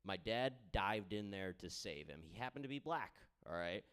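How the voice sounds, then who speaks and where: A man's voice: on the low side, animated, moderate pace, fairly bright tone, clear, resonant tone. A young man doing a stand-up set in a comedy club, rambling through crowd work and stories with lots of filler and a habit of asking "all right?".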